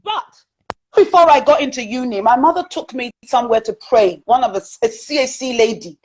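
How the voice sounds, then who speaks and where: High, lively British-accented woman. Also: fairly quick, slightly rough, poor audio. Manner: animated, chatty storyteller with frequent fillers. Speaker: guest. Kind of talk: personal storytelling in an interview.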